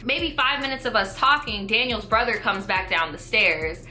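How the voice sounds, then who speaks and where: A woman in her twenties telling a storytime vlog in an animated, profane, slangy way. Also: fairly high pitch, moderate pace, few pauses, faint music behind. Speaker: vlogger.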